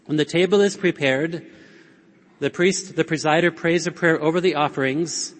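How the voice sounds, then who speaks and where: A man giving an earnest talk at a Catholic conference, prompting his audience with questions and call-and-response. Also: a little high. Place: large conference hall. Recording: long hall reverb.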